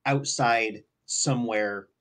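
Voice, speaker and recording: A man's voice: mid-range voice, fairly even intonation, takes it slowly, a bit bright. A man playing in a tabletop game, insistently spelling out the group's plan. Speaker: player. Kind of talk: casual chat during a tabletop game.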